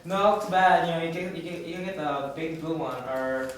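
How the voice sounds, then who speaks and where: A man's voice: on the high side, moderate pace, natural voice. A man playing a ditzy teenage valley girl who gushes endlessly in gossipy chatter. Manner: gushing, endless "and I was like" chatter. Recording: echoey room from far off with noise.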